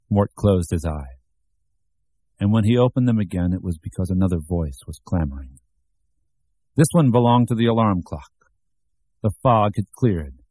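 Male audiobook narrator, steady and measured, very low dark voice, dry booth. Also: slightly rough, no room sound. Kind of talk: scripted narration of a novel.

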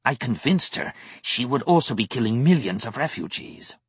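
A man's voice: medium pitch, big pitch swings, moderate pace, husky, no echo, pitched above the performer's own voice, exaggerated voice. A man voicing a haughty, scornful male alien agent in an audiobook. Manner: haughty, bristling.

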